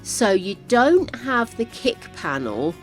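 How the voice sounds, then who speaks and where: Older female streamer, chatty and excitable, unhurried delivery, faint music behind. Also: fairly high pitch. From United Kingdom. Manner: chatty, talks to viewers, easily excited. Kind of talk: casual live-stream chat while gaming.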